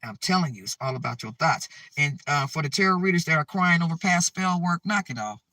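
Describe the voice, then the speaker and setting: A man's voice: a little high, lively intonation, brisk, sharp tone, no echo, far from the mic. A man giving a preachy spiritual monologue to his viewers, repeating himself urgently and checking in with "okay?". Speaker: spiritual advice channel host.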